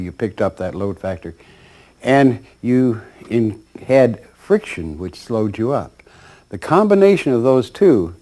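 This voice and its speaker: A man giving a spiritual lecture as a storyteller, animated and acting out the dialogue. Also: medium pitch. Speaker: speaker.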